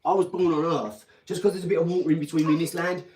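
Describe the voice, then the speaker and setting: A man's voice: fairly high pitch, fairly even intonation, very fast, background noise. Combative English man ranting in an echoey room. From England. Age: 40s. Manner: lecturing, combative, talks down to viewers. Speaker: live-stream host. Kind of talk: ranting live-stream monologue. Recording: echoey room, mic at a distance.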